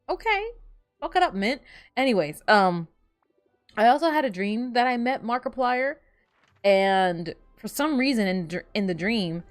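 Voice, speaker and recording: A woman's voice: fairly low pitch, no echo. A woman streamer chatting casually while playing a game, telling stories in a rambling way full of fillers. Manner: rambling, filler-heavy storytelling. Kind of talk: casual gameplay chat.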